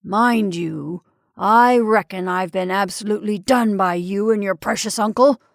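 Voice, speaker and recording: A woman voicing an indignant, selfish middle-aged husband who talks loudly and blusters. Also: fairly high pitch, animated, normal speed, dry recording, clean studio sound. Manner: loud, blustering, complaining.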